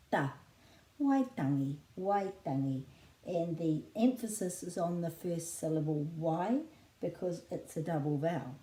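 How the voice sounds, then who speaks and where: A woman with a New Zealand accent, a children's book author teaching in a clear, patient way and spelling out words slowly. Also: lowish voice, dark tone, reverberant, low-quality recording. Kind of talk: friendly teaching talk.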